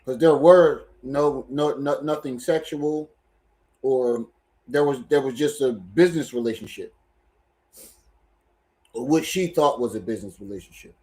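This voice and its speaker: A man's voice: medium pitch, measured pace, long pauses, darkish tone. A man hosting a livestream who gives casual commentary and repeats himself in loose, chatty sentences. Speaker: livestream host.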